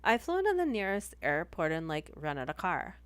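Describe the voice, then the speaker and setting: A woman's voice: on the low side, wildly swooping pitch, normal speed, fairly bright tone, clear, resonant tone, no echo. A woman putting on a ditzy young valley girl voice to read a horror story aloud, drawling with lots of "like". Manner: drawling, filler-heavy "like" and "and junk".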